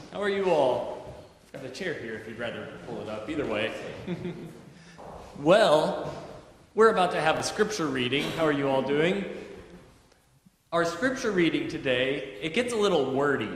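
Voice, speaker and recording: Pastor, male, high voice, friendly children's talk, very echoey church sanctuary with a long ring. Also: sing-song, normal speed, pauses often. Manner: chatty, gentle, talks to children with questions. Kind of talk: children's moment in a church service. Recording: very echoey church hall, faint noise.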